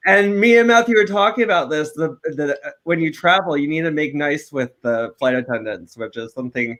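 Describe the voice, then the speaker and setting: A young man co-hosting a podcast, chatting casually and telling animated, camp stories. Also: a little high, moderate pace. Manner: animated, camp storytelling with acted quotes. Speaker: podcast co-host. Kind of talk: casual chat, storytelling.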